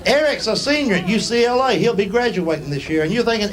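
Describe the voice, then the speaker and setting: High, lively stand-up comic man. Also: fast talker, rough recording. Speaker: stand-up comedian. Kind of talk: storytelling stand-up. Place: theater stage before a laughing audience. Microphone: stage microphone. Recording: live show with crowd laughter and noise.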